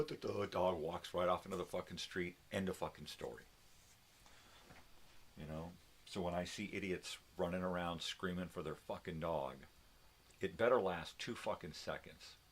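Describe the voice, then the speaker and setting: A man's voice: deep voice, a bit bright, slightly rough. An older man hosting a casual morning video from his home, coaxing his dogs and ranting with a lot of profanity. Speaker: vlog host.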